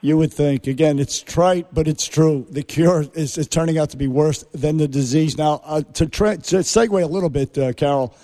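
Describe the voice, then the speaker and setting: A male radio co-host chats casually, often stopping and restarting his sentences. His voice is dark and mellow, pitched a little high. There is a long reverb behind it. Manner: halting, with many restarts.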